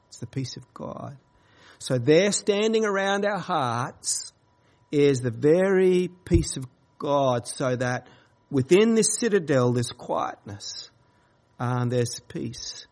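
A man preaching a sermon in a slow, earnest, halting way, with frequent pauses and fillers. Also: mid-range voice, a little mellow. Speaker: pastor.

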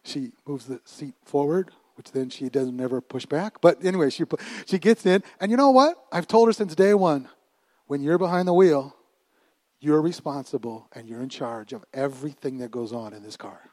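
A middle-aged pastor gives an animated sermon full of laughter, moving from hushed passages to loud ones and repeating his words often. He talks at a moderate pace with a fairly high pitch, and the recording is dry.

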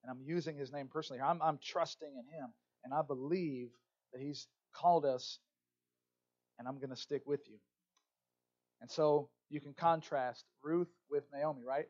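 A man's voice: a little high, steady tone, normal speed, a little mellow, highs cut off. A man preaching a sermon, reading scripture with rising emphasis and turning often to speak to the congregation. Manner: expository preaching with asides to the congregation. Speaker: pastor.

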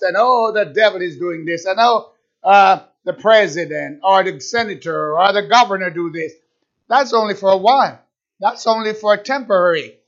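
A man's voice: high voice, a bit bright. A man preaching a fervent sermon, repeating himself and firing rhetorical questions at his listeners. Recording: dull lo-fi recording.

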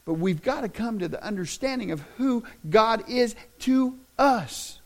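A middle-aged man preaching a sermon in a folksy, plain-spoken way that swells into loud, impassioned shouting. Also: extremely high pitch, lively intonation, measured pace. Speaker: pastor.

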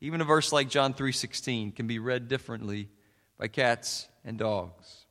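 A man's voice: medium pitch, normal speed, a bit bright. Folksy pastor man in an echoing hall. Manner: folksy storytelling with many fillers. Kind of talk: sermon.

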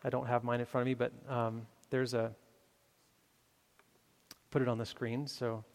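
Gravelly male pastor, halting storyteller with lots of restarts, preaching in a reverberant sanctuary. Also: mid-range voice, flat delivery, darkish tone. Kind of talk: sermon with story illustration. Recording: long hall reverb.

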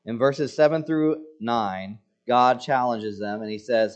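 A man's voice: mid-range voice, a little slow, hardly any pauses, lo-fi sound. A man preaching a sermon in a conversational, joking way, acting out quoted lines with emphasis. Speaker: pastor.

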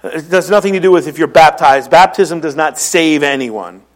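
A man with a Philadelphia accent delivers a sermon in a notably high voice. He teaches earnestly, reading scripture aloud and explaining what each verse means for his congregation. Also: normal speed. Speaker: pastor.

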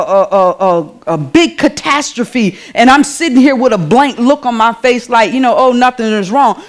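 Woman preaching to her congregation. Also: fairly high pitch. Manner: conversational, calls out to the congregation. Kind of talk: sermon. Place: church.

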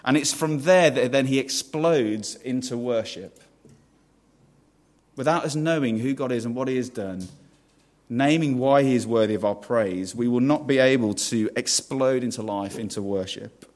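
Man, pastor preaching, mid-pitched voice, chatty sermon, asks the room questions. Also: normal speed, a little mellow. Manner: conversational, asks the congregation questions, restarts phrases.

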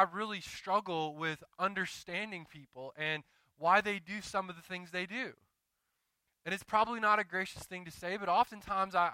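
A man's voice: high-pitched, sharp tone, clean tone, dry recording. A married man preaching a sermon as pastor, moving between conversational confession and emphatic exhortation. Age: adult, married.

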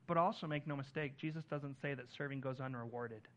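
A man preaching a sermon as pastor, earnest, lifting his voice on key lines and dropping it soft on others. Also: mid-range voice, brisk.

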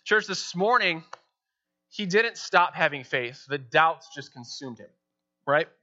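A young man preaching a sermon as pastor, animated, acting out quoted prayers in playful voices. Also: a little high, takes it slowly. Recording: dull lo-fi sound.

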